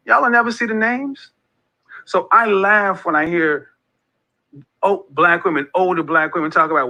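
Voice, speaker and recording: A man's voice: sits high, unhurried, pushed and bright, poor audio. A man in his forties hosting a casual monologue, talking emphatically and repeating phrases like a preacher. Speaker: host of a men's group talk.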